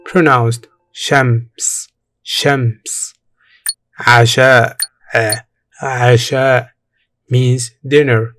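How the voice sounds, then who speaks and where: A man's voice: mid-range voice, steady tone, a bit bright, soft background music. A man teaching a beginner language lesson, repeating each word and praising the learner between drills. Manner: encouraging, repeats each word slowly for practice. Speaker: Arabic teacher.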